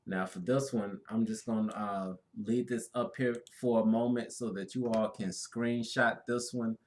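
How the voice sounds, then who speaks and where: Easygoing man, drawn-out spiritual chat. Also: fairly low pitch, fairly even intonation. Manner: easygoing, drawn-out, frequent affirmations. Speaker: co-host.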